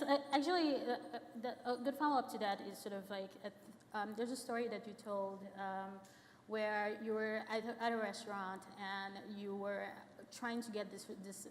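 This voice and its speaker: A woman moderating an onstage talk, asking a question hesitantly with many fillers. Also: medium pitch. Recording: roomy hall with faint noise.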